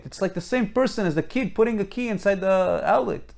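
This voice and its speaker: Delivering an informal Torah lecture, a male teacher speaks emphatically, poses many rhetorical questions, and keeps restarting sentences. His high voice is expressive, brisk, and gravelly yet slightly mellow.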